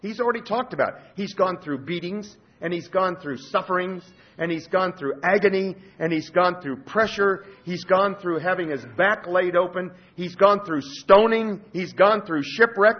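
A man preaching a sermon with passion, swinging between loud urgency and quiet intensity. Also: high voice, normal speed, hardly any pauses, breathy edge. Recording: dull lo-fi sermon recording.

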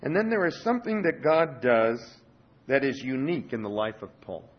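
A man preaching a sermon with passion, swinging between loud urgency and quiet intensity. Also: mid-range voice, sing-song, normal speed. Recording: dull lo-fi sermon recording.

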